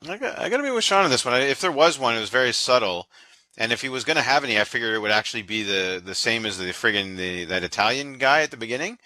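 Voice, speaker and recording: A man's voice: medium pitch, expressive, quick pace, pushed and bright, no room sound. A man co-hosting a casual movie podcast, jokey and laughing often. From Canada. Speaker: podcast co-host.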